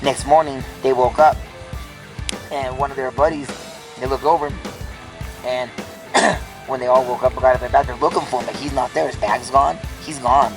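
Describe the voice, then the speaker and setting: A man's voice: mid-range voice, fairly even intonation, normal speed, pauses often, music in the background, low-quality recording. A man casually telling a ghost story, rambling with lots of filler words and restarts.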